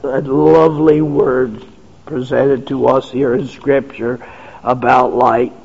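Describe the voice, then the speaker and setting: Preacher guy, slow and drawn out, repeats himself for emphasis, sounds kinda muffled in a big echoey hall. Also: mid-range voice, level tone, gravelly, darkish tone. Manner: emphatic, repetitive cadence, drawn-out phrases. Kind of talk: sermon. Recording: dull sound with long reverb in a hall.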